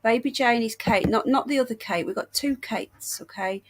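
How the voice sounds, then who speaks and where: A woman's voice: on the high side, moderate pace. A British woman hosting a casual livestream chat, unwell and short of breath, chatty and affectionate with viewers. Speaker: livestream host.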